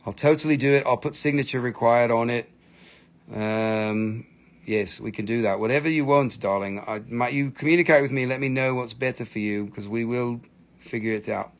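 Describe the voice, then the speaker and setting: A man hosts a live crystal sale in a gravelly, creaky voice. He talks in a chatty, excitable way with crude jokes and non-native phrasing. His pitch sits in the middle for a man. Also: moderate pace. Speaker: live-stream crystal seller. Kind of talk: casual live sales chat.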